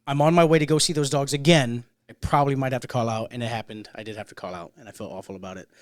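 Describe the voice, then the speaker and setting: A man's voice: medium pitch, fairly even intonation, rapid-fire, dry recording, studio quality. A man hosting a casual podcast chat, a bartender telling stories with lots of swearing and laughter. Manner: profane, laughing storyteller. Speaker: podcast host.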